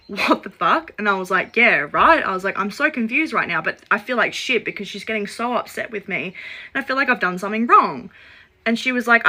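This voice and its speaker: A woman's voice: medium pitch, bright, forceful tone. A woman telling a personal story in a casual, chatty way, often acting out what others said to her. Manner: chatty, acts out quoted dialogue; frequent "like" fillers.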